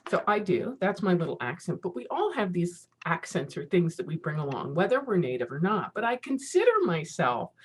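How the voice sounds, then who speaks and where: A woman's voice: fairly low pitch, sing-song, brisk, few pauses, breathy edge. Woman, 50s, casual conference speaker on a video call; chatty, self-mocking, laughs easily. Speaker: keynote speaker.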